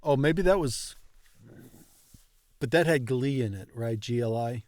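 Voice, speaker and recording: A man's voice: medium pitch, measured pace, a little mellow, dry recording. A man learning a language, talking hesitantly with many fillers and restarts during a lesson. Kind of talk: casual lesson talk.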